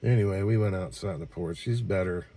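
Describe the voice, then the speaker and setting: A man's voice: low-pitched, brisk, dark tone, recorded from a distance. A man talking casually to his camera, rambling and repeating himself in an exasperated way, sitting in a small care home room. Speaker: vlogger. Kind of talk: casual vlog talk.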